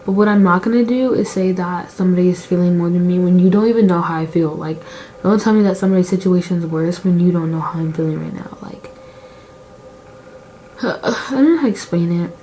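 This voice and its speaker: Her voice is low-ish and warm, a little fast, as this late-teen beauty vlogger does her makeup and talks casually. She wanders and confesses, leaning on "like," speaking openly and emotionally about her feelings, and the poor recording carries some hiss or hum.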